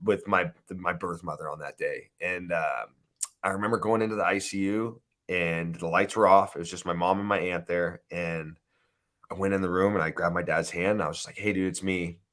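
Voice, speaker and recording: Deep-voiced guy in his 30s, interview guest, stops and restarts a lot, emotional. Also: steady tone, fairly bright tone. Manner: halting, restarts often, emotional. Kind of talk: candid personal storytelling.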